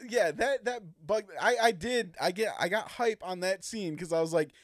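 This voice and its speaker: A young man with a high voice rants about movies in a casual chat with friends. He is animated and profane, laughing as he acts out quotes. The sound is dry and close. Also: normal speed, dry recording.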